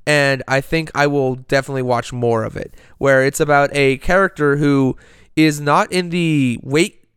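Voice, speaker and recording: A man's voice: mid-range voice, fairly even intonation, normal speed, fairly bright tone, clear, resonant tone, no room sound, studio quality. A man co-hosting a podcast in casual chat, enthusiastic and rambling, swearing freely. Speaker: podcast co-host.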